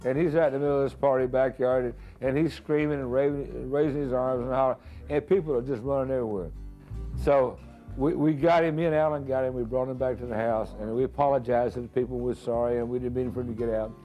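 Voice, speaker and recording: A man casually telling a story in an interview, halting and restarting as he goes. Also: medium pitch, fairly even intonation, dull audio, faint music behind. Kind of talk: anecdotal storytelling.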